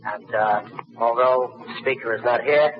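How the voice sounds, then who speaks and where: A man hosting a roast, telling comic stories in a mock-sincere tone that climbs into loud, profane punchlines. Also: mid-range voice, unhurried. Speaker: master of ceremonies at a roast. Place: banquet hall. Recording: dull noisy 1950s archival recording.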